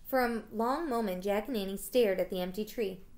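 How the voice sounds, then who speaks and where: Teacher reading a storybook aloud. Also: female voice, mid-range voice, moderate pace. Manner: casual, warm storytelling with small slips. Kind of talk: reading a children's book aloud.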